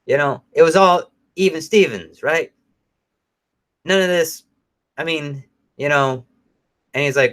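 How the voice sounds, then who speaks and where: A man's voice: mid-range voice, normal speed, long pauses. A middle-aged man co-hosting a show, chatting casually and telling stories in a rambling, profane way. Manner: profane, rambling, animated storytelling. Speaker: podcast co-host.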